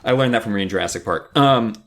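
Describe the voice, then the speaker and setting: A man co-hosting a podcast, chatting casually about a book and reading it aloud, with animated jumps into character voices. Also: fairly low pitch, brisk, creaky.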